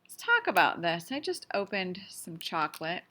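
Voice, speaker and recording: A woman's voice: on the low side, sing-song, normal speed, pushed and bright, slight background noise. A woman teaching a casual science lesson on video, playful and chatty, asking lots of questions and sometimes talking with her mouth full. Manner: talks with her mouth full while eating.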